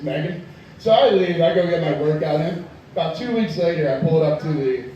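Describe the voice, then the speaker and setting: A man performing a profane stand-up comedy set in a tavern, telling loud rants and chatting with the crowd. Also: on the high side, lo-fi sound, slight background noise. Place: tavern stage. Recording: echoey room from far off.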